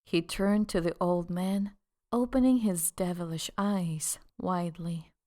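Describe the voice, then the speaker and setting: A woman narrating an audiobook in a measured, deliberate way. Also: fairly low pitch, dark tone. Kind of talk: scripted narration.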